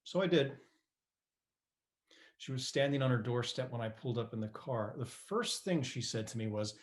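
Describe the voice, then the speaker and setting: A man's voice: mid-range voice, animated, moderate pace, close to an everyday voice. A wry, patient divorced son in his middle years, played by a man in a stage monologue. His voice sits in an ordinary middle range. He tells the story with dry humor. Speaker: stage actor.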